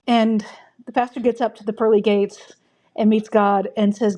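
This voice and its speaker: A woman's voice: on the high side, level tone, moderate pace, warm tone. A woman co-hosting a casual film chat, telling a long joke and acting out the voices. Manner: storytelling, acts out quoted voices. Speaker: podcast co-host.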